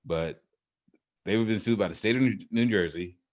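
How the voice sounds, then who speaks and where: A man's voice: on the low side, normal speed, a little mellow. A man with a Southern US accent co-hosting a podcast in casual chat, rambling with frequent restarts and easy laughter. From American South. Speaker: podcast co-host.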